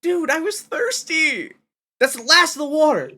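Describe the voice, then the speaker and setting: A man playing a furious young male survivor who loudly accuses the others. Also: big pitch swings, moderate pace, exaggerated voice. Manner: loud, accusing, high-pitched.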